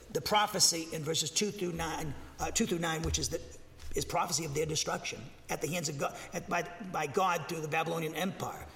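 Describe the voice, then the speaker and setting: A man's voice: high-pitched, fairly bright tone, in a large hall. A man preaching verse by verse, reading scripture aloud and then explaining it, with fillers and restarts. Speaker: pastor. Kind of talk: verse-by-verse Bible teaching.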